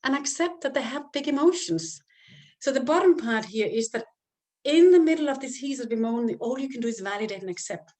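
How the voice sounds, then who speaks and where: A woman giving calm, step-by-step parenting advice as a coach, sometimes acting out what to say to a child. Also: fairly high pitch, moderate pace. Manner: calm, explains step by step and acts out example phrases to a child.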